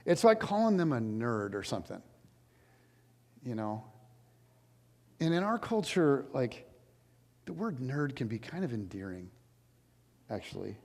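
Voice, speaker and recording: Animated male pastor in a reverberant church. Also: mid-range voice, unhurried, long pauses. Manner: animated, conversational, jokey asides. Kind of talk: sermon. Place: large church sanctuary. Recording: long hall reverb.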